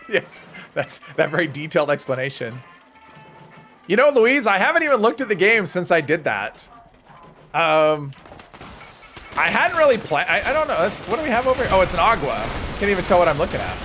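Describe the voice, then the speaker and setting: A chatty male livestreamer with a voice pitched a little higher than most men's. He rambles casually as he plays, answering viewer comments and poking fun at himself. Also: pushed and bright. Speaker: gaming livestreamer.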